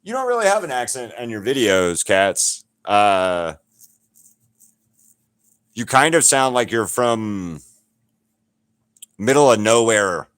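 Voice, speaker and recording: A man's voice: on the low side, big pitch swings, takes it slowly, pauses often, fairly bright tone, clean tone, no echo, studio quality. A middle-aged man from Alabama, chatting casually with his livestream viewers as a painter, rambling and swearing freely. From Alabama, USA. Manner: rambling, swears freely, talks straight to chat.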